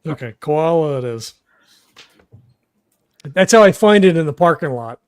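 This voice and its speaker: A man chatting casually as a tabletop game player, his voice sitting slightly high. He works ideas out aloud in halting, stop-start phrases. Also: lively intonation, a little mellow, clear, resonant tone. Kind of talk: casual chat.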